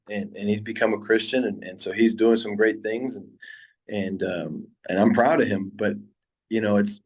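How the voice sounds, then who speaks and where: Earnest low-voiced football coach. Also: male voice, darkish tone. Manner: earnest, rambling, many restarts. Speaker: high school football coach. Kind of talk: casual interview talk.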